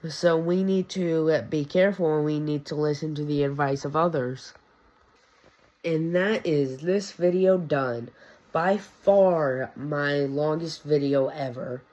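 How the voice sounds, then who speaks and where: Slow, casual young-sounding Bible explainer man. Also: on the high side, a little mellow, low-quality recording. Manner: casual, slangy, stumbles and corrects himself. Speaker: video creator teaching the Bible. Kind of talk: casual Bible lesson video.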